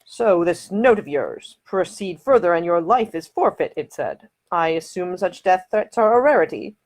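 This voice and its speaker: A woman's voice: lowish voice, lively intonation, moderate pace, a little mellow. A woman voicing a wry young nobleman who talks with dry humor and fussy opinions. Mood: probing. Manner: wry, fussy about decor.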